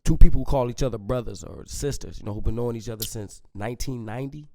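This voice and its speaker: A man's voice: mid-range voice, quick pace, vocal fry, mellow, no room sound. Laid-back teasing man, dry sound. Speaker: podcast co-host. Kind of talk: casual chat.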